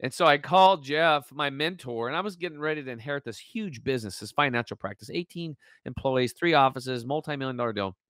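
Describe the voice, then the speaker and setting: Expressive and a little fast, with few pauses, this man's medium-pitched, slightly bright voice comes through dry and close on a video-call interview. He shares his story feelingly, acts out quoted dialogue, and fills his speech with fillers and restarts.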